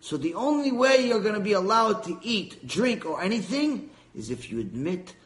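A man plays a stern, wise judge who gives slow, grave rulings. The voice drops low and sounds heavy. It echoes around a large room. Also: very animated, a bit bright.

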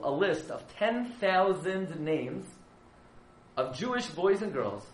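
A man's voice: fairly high pitch, echoey room, a little hiss or hum, close to an everyday voice, low-quality recording. Man voicing an impassioned elderly rabbi. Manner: pleading, rising to impassioned outcries. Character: elderly chief rabbi, grieving yet defiant.

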